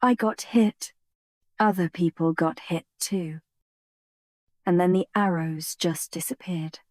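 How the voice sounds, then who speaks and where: A woman's voice: fairly low pitch, takes it slowly, a little mellow, no room sound, clean studio sound. A woman voicing a tearful, pleading teenage girl. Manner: trembling, pleading. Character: tearful apologetic teenage girl best friend.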